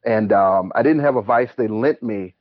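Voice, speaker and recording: On the low side, the man's voice comes through narrow, tinny, dry audio. He's a show caller, swapping stories in an easygoing, talkative manner and laughing readily.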